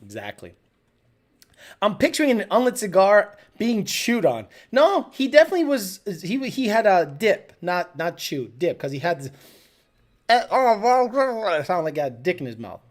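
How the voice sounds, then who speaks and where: A woman's voice: lowish voice, big pitch swings, moderate pace. A woman hosting a live show, telling stories in a casual, profane, laughing way. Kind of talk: casual storytelling.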